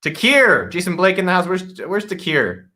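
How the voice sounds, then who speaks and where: A man's voice: high voice, big pitch swings, normal speed, bright, forceful tone. A man hosting a casual live office-hours stream, energetically greeting viewers by name and joking around. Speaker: livestream host. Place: home studio in a guest room.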